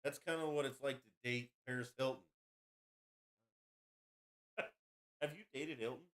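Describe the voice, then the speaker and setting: A man's voice: mid-range voice, steady tone, unhurried, fairly bright tone. A man hosting a podcast, telling a rowdy story in a crude, boastful, casual way. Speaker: podcast host.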